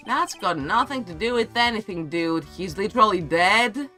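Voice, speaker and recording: A man's voice: high-pitched, animated, moderate pace, bright, forceful tone, soft background music, voice pushed up, heavily acted. A man voicing a laid-back young male actor in a courtroom game, drawling and calling everyone "dude". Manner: drawling, says "dude" a lot. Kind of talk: reading game dialogue aloud.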